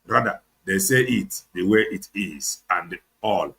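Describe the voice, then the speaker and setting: A man's voice: fairly low pitch, moderate pace, few pauses, sharp tone. A Nigerian man with an Igbo accent, hosting an online show, giving heated, sarcastic political commentary and switching between English and Igbo. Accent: Nigerian, Igbo-speaking.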